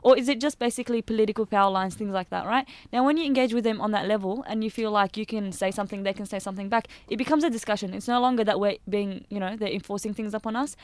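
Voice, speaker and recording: A fast-talking presenter on a casual panel, cutting in with quick jokes. The voice is smooth and clear, recorded dry and close with no room sound. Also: male voice, sits high, dry recording. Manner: quick, joking, talks over others. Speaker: radio show presenter.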